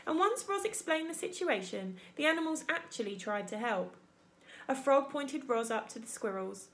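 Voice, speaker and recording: A woman teacher reading a children's book aloud in an expressive storytelling manner. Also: fairly high pitch. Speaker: primary school teacher.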